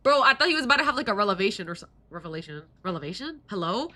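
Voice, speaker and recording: A woman's voice: medium pitch, very fast. A young woman streaming a game live, gushing over characters, reading lines aloud and joking. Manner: gushing, excitable, reads dialogue aloud and jokes.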